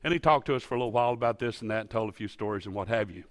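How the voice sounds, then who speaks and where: A man preaching a sermon in a church, folksy and storytelling, rising to loud emphatic peaks. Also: lowish voice, very fast, no room sound, clean studio sound. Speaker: pastor. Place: church sanctuary.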